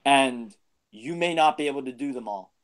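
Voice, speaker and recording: A man's voice: mid-range voice, normal speed. A man in a casual podcast chat, earnestly lecturing a friend with advice. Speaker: podcast co-host.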